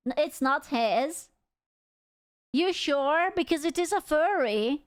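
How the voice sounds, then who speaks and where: A woman's voice: high voice, animated, slow pace, dry recording, studio quality. A young woman streamer giving casual, chatty reaction commentary, often laughing and full of fillers.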